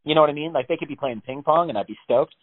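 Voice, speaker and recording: A man's voice: fairly high pitch, very fast. A man chatting casually on a podcast, telling stories with lots of swearing and acting out panicked voices. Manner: animated storyteller, swears a lot, acts out panicked voices. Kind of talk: casual chat. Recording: phone-like narrow band.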